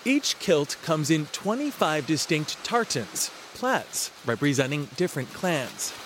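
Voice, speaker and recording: A man narrating a news feature as a TV correspondent, with a measured, storytelling delivery. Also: fairly high pitch, big pitch swings, background noise.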